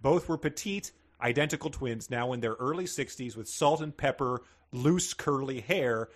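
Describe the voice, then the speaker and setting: A man's voice: mid-range voice, normal speed. A man co-hosting a podcast, chatting wryly about a book and laughing often. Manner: wry, amused, laughing often. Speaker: podcast co-host. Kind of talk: casual comedic book discussion.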